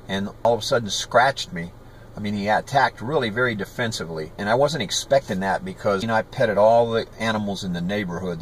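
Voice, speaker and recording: A man's voice: on the low side, a little hiss or hum, low-quality recording. A man in his sixties telling old stories on a walking tour, rambling and conversational as he points out places on a residential street. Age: 60s. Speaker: YouTube vlogger. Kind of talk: walking tour with personal storytelling.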